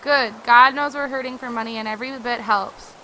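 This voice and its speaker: A woman's voice: a little high, steady tone, a little fast, sharp tone, a little hiss or hum, rough recording. A woman reading a blunt, weary mother. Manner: blunt, exasperated, raises her voice often. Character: worried middle-aged mother, blunt and weary. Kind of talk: reading game dialogue aloud.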